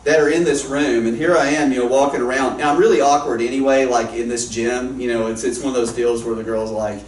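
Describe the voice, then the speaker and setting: A man's voice: mid-range voice, steady tone, brisk, darkish tone, slight background noise. A man, a guest worship leader telling funny stories in a casual, rambling, self-deprecating way before an audience. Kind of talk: casual storytelling talk. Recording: roomy echo, distant mic, faint ambience.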